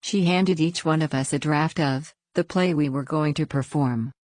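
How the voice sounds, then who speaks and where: Low-voiced woman reading a story. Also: moderate pace, darkish tone, dry recording. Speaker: story reader. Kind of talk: scripted first-person story narration.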